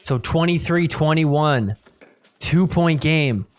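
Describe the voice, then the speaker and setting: A man hosting a podcast, recapping a match in play-by-play commentary and getting loud and excited at the big points. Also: on the high side, takes it slowly, smooth. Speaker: podcast host.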